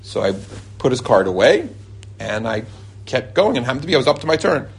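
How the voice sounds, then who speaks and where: His voice brisk, creaky and edged with breath, a man living in Israel tells a group lively stories that carry religious teaching. He frequently jumps to a high, excited pitch when quoting others, chuckling and restarting mid-sentence.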